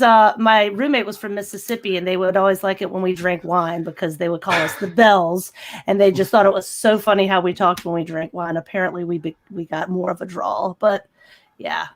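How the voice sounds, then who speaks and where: A woman with a light Richmond, Virginia accent talks as a podcast guest. Her voice sits in an ordinary middle pitch. She rambles warmly through her thoughts and leans on "you know". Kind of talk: casual chat.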